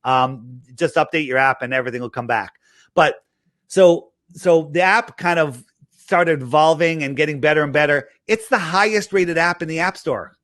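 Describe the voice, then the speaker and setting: A man chatting in a casual interview, telling animated stories, acting out the dialogue and rambling with many restarts. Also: on the high side, moderate pace, no room sound, clean studio sound. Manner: animated storyteller, acts out quoted dialogue. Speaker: interview guest promoting his app.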